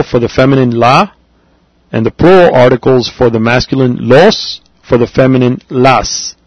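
Slow, halting teacher, man. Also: medium pitch, dry recording, poor audio. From Latin America. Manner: halting, many fillers and repeats. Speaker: Spanish teacher. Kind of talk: classroom language lesson.

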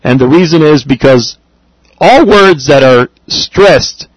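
Slow, patient male language teacher. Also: on the high side, expressive, dry recording, poor audio. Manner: patient, slow and deliberate, spells out words and repeats them. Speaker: Spanish teacher. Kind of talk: classroom grammar lesson.

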